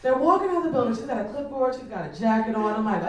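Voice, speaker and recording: A woman from Chicago performs stand-up on a comedy club stage in a kinda high voice, talking fast with few pauses while a crowd murmurs behind her. She's loose, animated, and swears a lot, chatting with many fillers. The far-off mic gives an echoey club sound.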